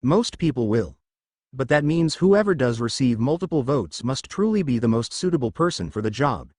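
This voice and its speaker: A man's voice: medium pitch, big pitch swings, normal speed, darkish tone, no room sound, clean studio sound. A man voicing a formal, eager teenage boy in a story reading. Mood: formal earnest. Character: earnest, formal teenage boy class leader.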